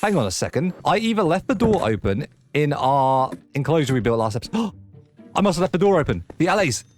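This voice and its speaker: A man hosting a let's play, giving excitable gameplay commentary and chatting to the animals in the game. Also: a little high, fairly quick, faint music behind.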